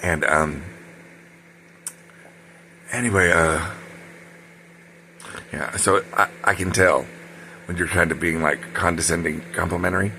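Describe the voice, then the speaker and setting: A man's voice: deep voice, steady tone, measured pace, creaky, long pauses, pushed and bright, a little hiss or hum. A man telling a personal story in a casual, rambling way, full of fillers and side remarks. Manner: rambling, digressive, many fillers and asides.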